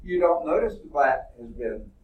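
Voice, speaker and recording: A man's voice: a little high, sing-song, moderate pace, dull audio. A male college science instructor giving a classroom lecture, explaining step by step and often checking in with "okay?". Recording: roomy echo, voice from a distance.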